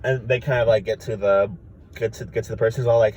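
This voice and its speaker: A young man casually pitching a story idea, rambling with lots of fillers and restarts. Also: fairly even intonation, fast talker, a little mellow, poor audio. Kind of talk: casual chat.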